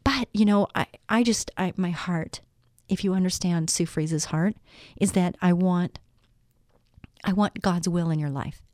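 Earnest, mellow-voiced woman hosting faith talk. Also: lowish voice, measured pace, no room sound, studio quality. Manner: earnest, addresses listeners with direct questions. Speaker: host of a faith show. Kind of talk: devotional talk with scripture reading.

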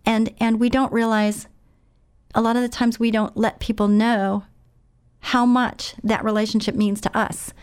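A woman gives a heartfelt sermon, her voice sitting a little high. She is openly emotional and repeats words to press her point home. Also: level tone, a little slow, clean tone. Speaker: preacher.

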